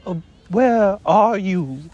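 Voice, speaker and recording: A man doing a muddled, gentle teddy bear. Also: sits high, expressive, muffled recording, pitched above the performer's own voice, full character voice. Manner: earnest, puzzled and slow.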